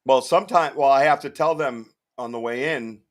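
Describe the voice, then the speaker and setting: A man's voice: mid-range voice, normal speed. A man hosting a podcast, talking in a plainspoken, affirming way. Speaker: podcast host. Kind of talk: casual chat.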